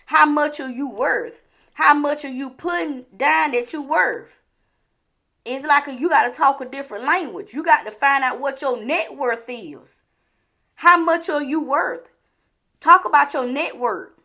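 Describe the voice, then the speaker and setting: A woman vlogger giving a repetitive, preachy motivational talk full of rhetorical questions, sometimes dropping to a low, hushed voice.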